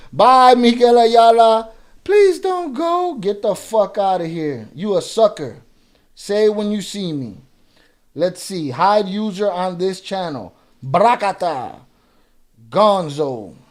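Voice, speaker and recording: High-voiced profane livestream host. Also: male voice, a little mellow. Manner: profane, confrontational, heavy street slang; reads viewer chat aloud. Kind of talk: casual livestream chat.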